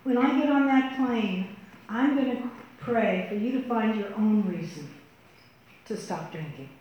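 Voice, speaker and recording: A woman telling a personal story to an audience, acting out the quoted lines with shifts in pitch and pace. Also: unhurried, heavy reverb, muffled recording, slight background noise. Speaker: speaker telling personal stories.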